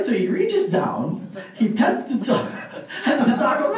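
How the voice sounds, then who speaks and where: A man's voice: high voice, normal speed. A man giving a live motivational speech at a party, telling stories with lots of fillers and frequent laughs. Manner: animated storyteller, laughs often, many fillers. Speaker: motivational speaker at a sales party. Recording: very echoey hall, far from mic.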